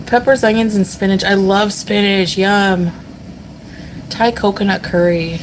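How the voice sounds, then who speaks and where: A woman chats casually on a livestream, answering viewer comments between frequent giggles. Her voice sits at an ordinary middle pitch, and there is a faint hiss in the background. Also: steady tone, unhurried, poor audio. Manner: giggly, chatty, many fillers. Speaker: vlogger reading chat. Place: hotel room.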